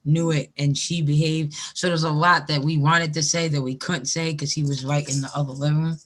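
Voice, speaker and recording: A woman's voice: sits low, level tone, a little fast. A woman in casual group chat, talking freely, swearing and laughing often.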